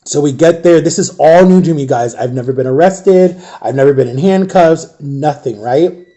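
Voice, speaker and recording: Man, rambling storytime vlogger, mellow, a bit high-pitched. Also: normal speed. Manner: rambling, animated, acts out quoted voices. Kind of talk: casual storytime vlog.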